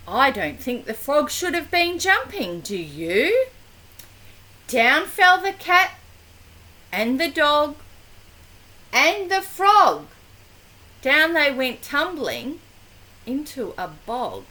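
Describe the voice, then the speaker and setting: Slow, animated older grandmother reading aloud. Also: high-pitched, poor audio. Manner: slow, animated, with gasps and questions to the child. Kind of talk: reading a picture book to a grandchild.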